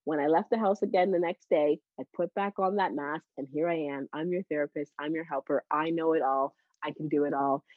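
A woman in her thirties, a psychotherapist guest, telling her personal story in an animated, heartfelt way and laughing often between phrases. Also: low voice, fairly quick, hardly any pauses, no echo. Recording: dull, slightly lo-fi dry audio.

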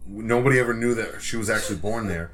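A man's voice: on the low side, fast, fairly bright tone. A man co-hosting a podcast, ranting with lots of swearing in casual chat. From Rhode Island, USA. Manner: profane, heated ranting. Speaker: podcast co-host.

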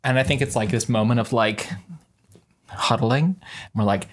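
A man's voice: mid-range voice, moderate pace. A man playing in a tabletop game, playful and joking with the table. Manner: playful, very animated. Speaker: player. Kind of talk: casual tabletop play.

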